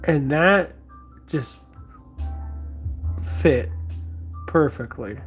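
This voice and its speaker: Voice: mid-range voice, animated, very slow, soft background music. A vlogger chatting casually while sculpting, rambling and joking with lots of fillers. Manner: rambling and jokey, many fillers.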